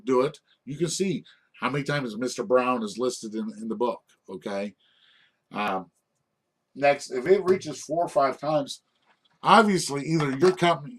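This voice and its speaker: Rambling man coaching restaurant managers. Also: mid-range voice. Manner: rambling, repeats "okay?" often, frequent restarts. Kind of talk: informal leadership lesson.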